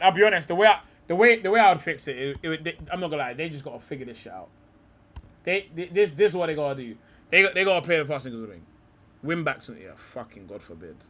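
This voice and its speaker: A man's voice: a little high, a bit bright. A young man hosting a live stream, talking football in a rambling, heated way, swearing often and calling people bro.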